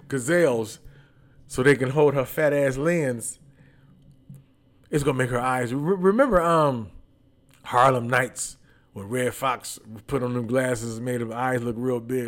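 A man hosting a podcast with a slight lisp from braces, telling stories in a loose, teasing, candid way. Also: medium pitch. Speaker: podcast host. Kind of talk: casual storytelling monologue.

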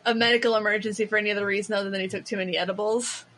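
Bright, chatty woman podcaster. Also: mid-range voice. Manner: chatty, animated storytelling with quick asides. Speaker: podcast co-host. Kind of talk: casual chat.

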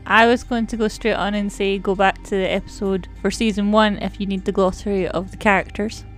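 A woman's voice: medium pitch, flat delivery, a little fast, soft background music. A woman, co-hosting a casual podcast chat about a TV series in a playful, teasing way. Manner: playful, teasing, laughs often. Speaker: podcast co-host.

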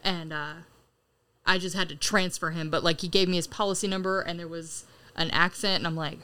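A woman co-hosting a podcast, telling an animated story in casual chat and laughing often. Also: lowish voice, fairly quick, clear, resonant tone. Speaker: podcast co-host.

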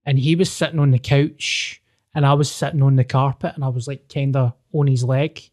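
A young man hosting a podcast tells a personal story in a casual, sweary, animated way, often restarting his sentences. His voice is mid-range and brisk.

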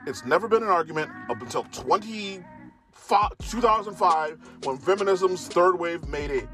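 A man's voice: expressive, moderate pace, a bit bright. Profane ranting man, faint music behind. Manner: profane, emphatic, spikes in pitch. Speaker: commentator. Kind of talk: ranting monologue.

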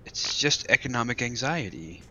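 A man's voice: medium pitch, expressive, moderate pace, a crowd in the background. A man in casual chat, tossing in dry, sarcastic jokes.

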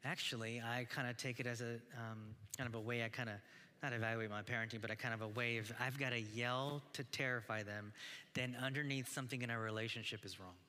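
Earnest pastor with a bright voice. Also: male voice, medium pitch, fairly even intonation, brisk. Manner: earnest, exhorting, with many restarts. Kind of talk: sermon. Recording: long hall reverb.

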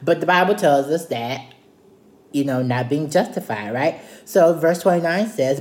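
A man's voice: fairly high pitch, lively intonation, moderate pace, roomy sound. A man leading a casual Bible study, retelling scripture in a chatty, playful way. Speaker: Bible teacher.

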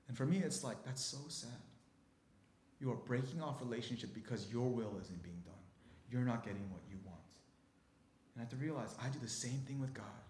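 A man preaching a sermon as pastor, moving between hushed, intimate stretches and loud, excited bursts. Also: mid-range voice, moderate pace, echoey room.

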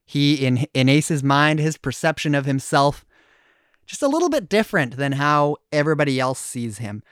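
A man with a fairly high, expressive, fairly bright voice speaks at normal speed, his tone clear and resonant in a clean studio recording with no room sound. As a podcast co-host in casual chat, he's talkative and laughs easily, often restarting sentences and using fillers.

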